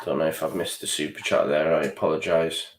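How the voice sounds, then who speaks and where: A man's voice: rumbling low, level tone, brisk, echoey room. A young man, hosting a live football watchalong, frustrated and swearing as he reacts to the match and reads out viewer chat. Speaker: fan channel host.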